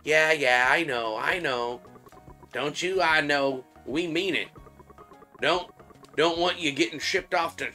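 A man's voice: a little high, slow, bright, forceful tone, faint music behind, voice pushed up. A man putting on a folksy Southern drawl. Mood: teasing.

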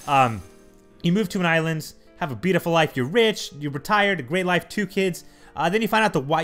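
A young man with a fairly high voice rants and swears through his let's play commentary. He breaks into sudden loud outbursts at the characters on screen.

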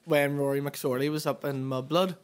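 A woman speaks a little low in pitch, relaxed and unhurried. She swears freely and laughs often while trading jokes on a comedy podcast. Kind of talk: casual comedy chat.

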